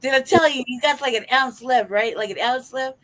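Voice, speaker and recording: A young woman with a high, brisk voice co-hosts a podcast, the audio quality poor. She tells stories in loose, casual chat, swearing a lot and laughing often as she animatedly recounts things.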